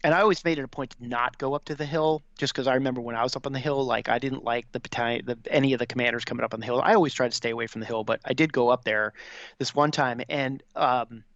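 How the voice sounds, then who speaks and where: A man, a former Marine officer, telling anecdotes as a podcast guest in a quick, animated way with many fillers. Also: medium pitch, no room sound, muffled recording. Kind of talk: casual storytelling.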